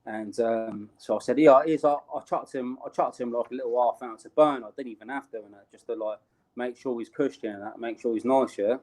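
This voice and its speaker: A man's voice: mid-range voice, fairly quick, a little mellow. A young British man telling a street story in casual, slangy talk, laughing along the way. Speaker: interview guest.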